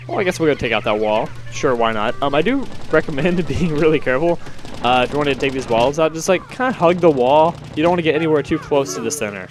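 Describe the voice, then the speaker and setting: Young man, out of breath, casual gameplay commentary, rambling and self-correcting, faint music behind. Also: medium pitch. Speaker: let's play host.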